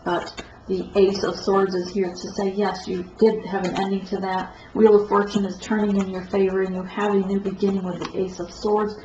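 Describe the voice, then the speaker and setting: A woman giving a rambling tarot card reading, with a stuffed-up nose and a halting, self-correcting way of talking. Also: mid-range voice, flat delivery. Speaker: tarot reader. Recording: echoey room, dull lo-fi sound, faint noise.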